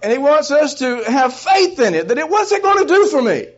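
A high-pitched man preaching in a lively, storytelling way, dropping to quiet asides and then climbing to loud bursts. He chuckles between points. The recording sounds dull and lo-fi, with the top end muffled. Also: a little fast. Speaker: preacher teaching a Bible session. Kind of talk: sermon teaching.

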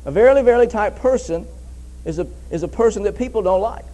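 A man's voice: sits high, fast, mellow, rough recording. A man preaching a sermon in an emphatic way, repeating phrases for stress and reading scripture aloud.

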